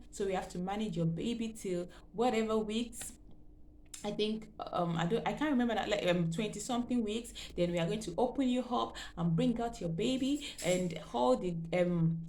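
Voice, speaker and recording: A woman's voice: mid-range voice, mellow, a little hiss or hum. A woman vlogger telling her own pregnancy story in a rambling, emotional way, full of fillers and repeats. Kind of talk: personal storytelling.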